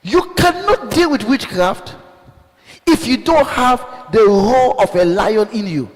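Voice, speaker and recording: A man preaching a fiery sermon as a bishop, calling out questions to the congregation and bursting into shouts. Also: very high voice, animated, slow. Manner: call-and-response, shouting bursts, rhetorical questions. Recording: long hall reverb.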